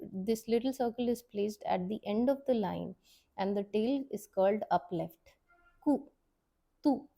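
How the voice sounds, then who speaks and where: A woman teaching a Hindi lesson, explaining step by step and repeating each sound slowly so the learner can follow. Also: medium pitch, warm tone. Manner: patient, repeats sounds to model pronunciation. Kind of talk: slow step-by-step language lesson.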